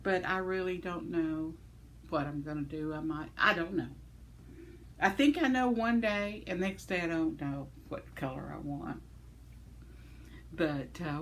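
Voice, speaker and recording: A woman in her 70s vlogs casually, reading viewer comments in a lowish, slightly bright voice. She is giggly and rambling, full of fillers and thoughts that trail off.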